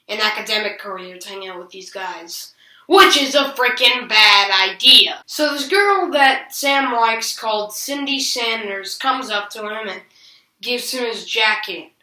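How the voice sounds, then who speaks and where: A woman with a bright, sharp tone gives a chatty, slangy recap of a TV episode, tossing in sarcastic asides. She sits back from the mic in a roomy, echoing space. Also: mid-range voice. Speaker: TV episode reviewer. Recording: roomy echo, distant from the mic.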